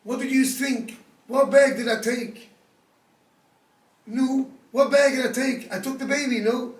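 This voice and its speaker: A man voicing a heartbroken older mother who confides a painful past to her grown children in a plain, halting way. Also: very high voice, fairly even intonation. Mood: confiding. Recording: echoey room, speaker far from the mic.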